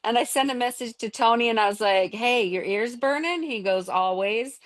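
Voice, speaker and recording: Gushing, excited middle-aged woman. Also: a little high, no room sound. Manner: gushing, enthusiastic, fast-talking. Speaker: distributor sharing her success. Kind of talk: excited testimonial on a video call. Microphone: video call.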